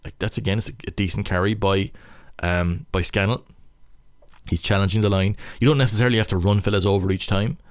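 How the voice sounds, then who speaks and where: Irish man, young, low smooth voice, stop-start casual rugby analysis. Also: steady tone, brisk, no room sound, clean studio sound. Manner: stop-start, thinking aloud. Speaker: rugby player analysing match footage. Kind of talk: casual match breakdown commentary.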